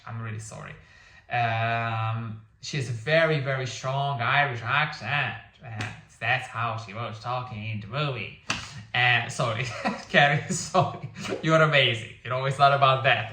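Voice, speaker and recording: A man with a lowish, fairly bright voice rambles through a casual movie review, full of fillers and restarts. Hungarian is his first language. He sits far from the mic in an echoey room, a bit off-mic.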